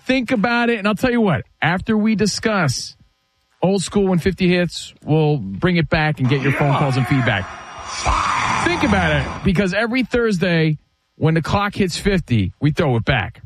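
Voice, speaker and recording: A man's voice: high voice, lively intonation, moderate pace, slight background noise. A man in his thirties hosting sports talk radio, telling gossip with suspenseful build-ups and reading ads live on a studio mic.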